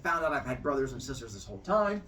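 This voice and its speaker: A man voicing a hotheaded young male god, excitable and boastful. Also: medium pitch, quick pace, far from the mic, low-quality recording. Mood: brash.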